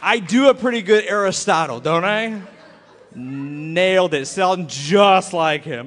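High-voiced guy preaching, swoops up and down a lot, jokey, echoey hall. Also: unhurried. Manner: lively, joking, rhetorical questions. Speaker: pastor. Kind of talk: sermon.

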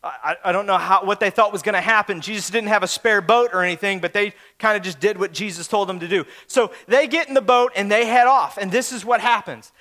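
Brief: male pastor, very high and bright voice, animated joking sermon storyteller. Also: a little fast, few pauses.

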